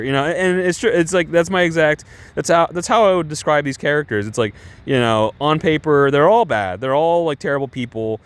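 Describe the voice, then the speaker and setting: A man's voice: on the high side, brisk, hardly any pauses, clean tone. A young man casually reviewing TV shows, chatty and rambling with many restarts. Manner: chatty, heavy use of "like" and restarts, laughing asides.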